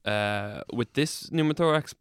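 A man's voice: mid-range voice, measured pace, smooth, no room sound, studio quality. A young man with an Irish accent telling a long hospital story in casual chat, rambling, swearing freely, and laughing through it.

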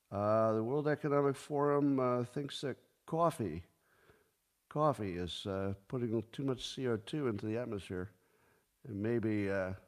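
A man in his sixties hosting a solo commentary show, talking casually with dry sarcasm and mock outbursts. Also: medium pitch. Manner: sarcastic, deadpan joking with sudden mock outbursts. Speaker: podcast host.

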